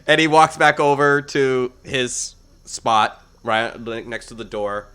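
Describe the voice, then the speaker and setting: A man's voice: mid-range voice, slow pace, bright, forceful tone, clean tone. A man narrating a tabletop game as the game master, in a loose, rambling way with many fillers.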